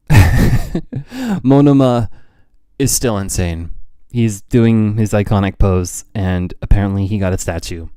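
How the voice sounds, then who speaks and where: A young man giving live reaction commentary as a streamer. He is an excitable fan who gasps, laughs and trails off into restarts. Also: on the low side, takes it slowly, long pauses, clear, resonant tone, no echo, clean studio sound. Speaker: streamer reacting to a manga chapter.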